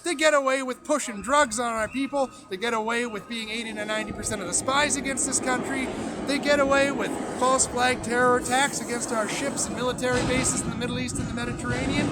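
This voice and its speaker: High-voiced man ranting on the street. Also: a little fast. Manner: loud, ranting, emphatic. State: voice strained. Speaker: street political speaker. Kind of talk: impassioned street speech. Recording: crowd noise behind an outdoor stream.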